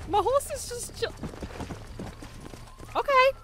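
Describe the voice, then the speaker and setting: A woman with a Welsh accent giving loud, excitable gameplay commentary, swearing as she plays. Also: a little high, normal speed, pauses often, noisy background. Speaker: gaming YouTuber.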